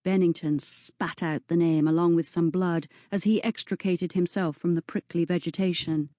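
A woman reading a story aloud as narrator, in a slow, even storytelling manner. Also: fairly low pitch, no room sound, studio quality. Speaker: audiobook narrator. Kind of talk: scripted narration.

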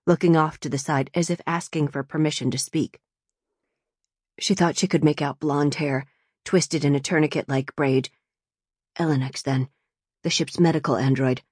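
A woman's voice: deep voice, darkish tone, breathy edge, dry recording. Woman narrating an audiobook in a dry studio. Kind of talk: scripted narration.

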